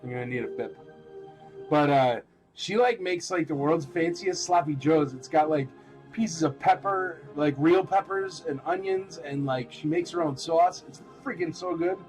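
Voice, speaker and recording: A man's voice: fairly high pitch, normal speed, a little mellow, faint music behind. Chatty man running a live auction. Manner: chatty and rambling, lots of "like" and "freaking". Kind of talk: casual live-stream auctioneering.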